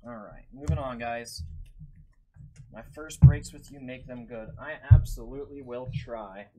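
A man's voice: mid-range voice, unhurried, warm tone, soft background music, low-quality recording. Chatty man hosting a live card break. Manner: chatty, greets viewers by name while calling out cards.

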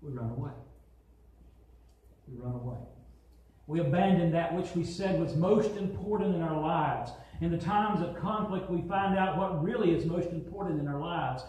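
A man's voice: a little high, moderate pace, few pauses, darkish tone. A man preaching a sermon as pastor, building emphasis and acting out quotes. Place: church sanctuary. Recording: very echoey hall, from far off.

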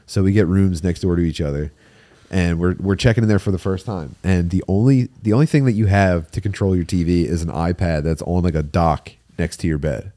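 A man co-hosting a comedy podcast, telling a story in a casual, animated way and laughing as he goes. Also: low-pitched, fairly quick, dry recording. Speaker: podcast co-host.

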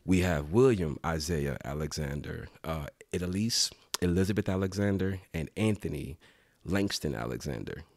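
A man's voice: sits low, animated, normal speed, creaky, dry recording. A man from Dallas, a podcast guest talking in a laid-back, reflective way. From Dallas, Texas. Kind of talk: casual podcast conversation.

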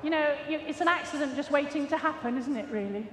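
A woman's voice: sits high, fast. A woman, a gundog trainer giving a chatty, jokey, self-mocking commentary during a live arena demonstration. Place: large indoor show arena. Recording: echoey hall with long reverb, faint noise.

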